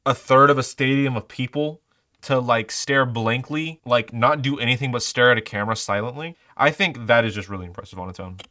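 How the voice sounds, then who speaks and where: A man's voice: mid-range voice, brisk, sharp tone. A young man in his twenties reviewing movies in casual, rambling chat, full of fillers and swearing. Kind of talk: casual vlog commentary.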